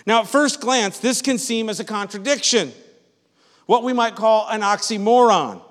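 A male pastor with a high, slightly bright voice delivers a sermon at a moderate pace, his words ringing through a reverberant church sanctuary. He preaches conversationally, repeating and restarting phrases and regularly asking the congregation "Amen?"

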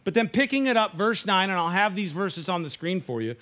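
Casting: male preacher, high voice, conversational sermon delivery. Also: expressive, brisk, a bit bright. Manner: conversational preaching, acts out dialogue, frequent restarts. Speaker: pastor.

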